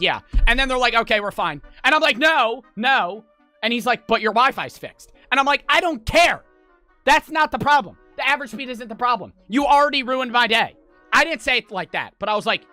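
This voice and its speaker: A man streaming from his home setup tells a story-time rant to his chat in a bright, forceful voice. He swears freely and plays out both sides of the phone calls, jumping from near-shouts to low muttering. Faint music plays behind him. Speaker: live streamer.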